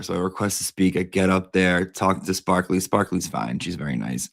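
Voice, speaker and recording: A man's voice: low-pitched, normal speed, creaky, few pauses. A man telling a rambling anecdote in a casual manner, full of "like". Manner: rambling, heavy use of "like". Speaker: comedy storyteller.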